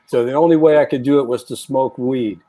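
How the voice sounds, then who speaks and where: A man speaking as a guest drummer in a casual panel chat, telling relaxed stories with lots of "you know". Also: mid-range voice, a little fast, a crowd in the background. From San Francisco Bay Area.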